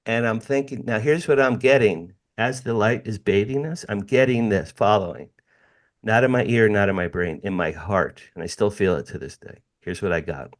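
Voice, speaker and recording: A middle-aged American man appears as a podcast guest, telling a personal story with emphatic repetition and direct asides to the hosts, calling listeners "you guys." His voice is fairly low, expressive, and a little fast.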